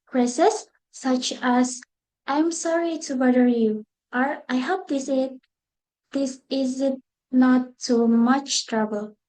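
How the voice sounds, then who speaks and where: Young woman, student presenter, high voice, halting careful reading, class talk. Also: a little mellow, poor audio.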